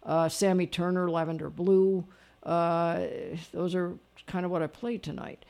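A man hosting a late-night radio music show, chatty and quick to laugh as he talks with callers. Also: high-pitched, level tone, creaky, a little mellow. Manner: chatty, with frequent laughs and asides. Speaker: radio DJ and host. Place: radio studio.

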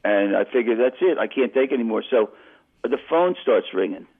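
A gravelly, husky man tells a long story over a tinny phone line on the radio. He talks with animation, stumbling over restarts and breaking into the voices of the people in his tale. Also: medium pitch, lively intonation, normal speed. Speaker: phone-in guest. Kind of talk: casual storytelling on a phone call.

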